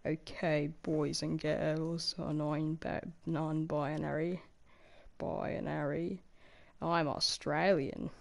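A man's voice: fairly high pitch, level tone, takes it slowly, vocal fry, slight background noise. A man giving casual gameplay commentary, exasperated and swearing often while pleading with silent teammates. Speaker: gamer recording gameplay. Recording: game music loud behind voice. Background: game music.

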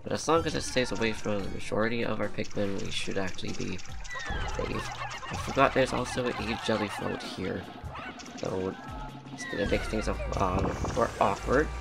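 A man with a low, gravelly voice talks casually through a playthrough, rambling and laughing often. His speech is loose and slangy, as if chatting with friends, and he uses a desk mic. Game music plays clearly behind him. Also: normal speed. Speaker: let's play commentator. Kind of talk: casual gameplay commentary.

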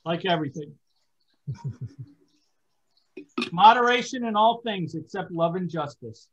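A man's voice: high-pitched, animated, measured pace, dull audio. A man hosting a casual podcast chat, rambling with many fillers and hesitations. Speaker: podcast host.

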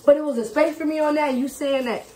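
A woman telling a story in a casual, animated vlog chat at home. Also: high voice, fast talker. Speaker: vlogger. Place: home kitchen.

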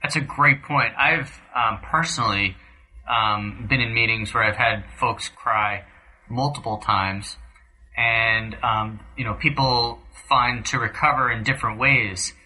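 Bright, breathy-voiced hesitant male host. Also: medium pitch, unhurried, poor audio. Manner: hesitant, with frequent ums. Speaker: podcast host. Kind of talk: podcast interview questions.

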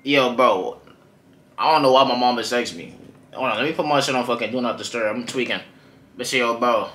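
Chatty slangy guy, bright voice, echoey room. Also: mid-range voice, brisk. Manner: slangy, loose and chatty, talking to viewers. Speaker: music reaction host. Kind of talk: casual reaction commentary. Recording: echoey room with faint music behind.

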